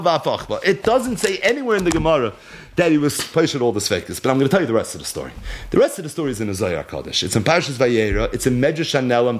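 Animated man teaching Talmud stories. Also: medium pitch. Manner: animated storytelling, half-chanting the source text. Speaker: Torah teacher. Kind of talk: Talmud and Zohar lecture, reading Aramaic and translating.

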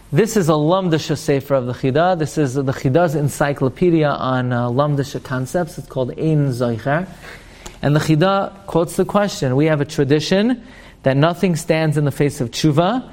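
A man teaching an online Torah class, explaining texts in an animated, jokey way. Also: on the high side.

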